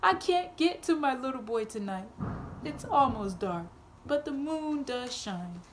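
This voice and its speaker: A woman's voice: high voice, lively intonation, a little slow, a little hiss or hum. A woman voicing a worried old woman in a read-aloud storybook, pleading in a sing-song lament. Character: worried old woman trying to get home.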